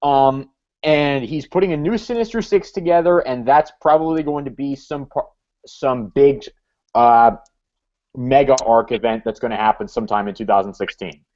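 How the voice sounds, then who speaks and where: A man's voice: medium pitch, normal speed, a little mellow, muffled recording. A man co-hosting a casual comic book chat, hesitant, with frequent fillers and restarts. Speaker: co-host.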